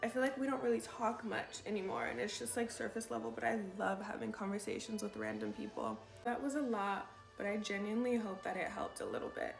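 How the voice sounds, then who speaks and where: A woman's voice: on the high side, lively intonation, a little fast, creaky, few pauses, soft background music. A young woman vlogger giving casual advice in a chatty, self-reflective way, often acting out her own past words. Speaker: lifestyle vlogger. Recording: roomy echo.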